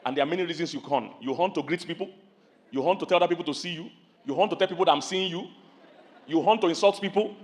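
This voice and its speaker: A middle-aged Nigerian man preaches with a high, lively voice. He tells animated stories, calls questions out to his listeners and acts out loud voices as he goes. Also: quick pace. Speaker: pastor. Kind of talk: sermon.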